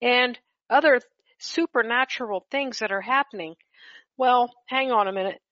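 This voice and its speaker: A woman leading a group Bible study over a call, talking haltingly with many restarts. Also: on the high side, no echo, lo-fi sound.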